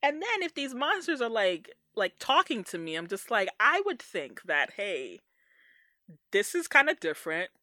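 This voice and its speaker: A woman in casual podcast chat, animated and slangy, often acting out characters' lines. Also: medium pitch, normal speed, no echo, clean studio sound. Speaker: podcast co-host.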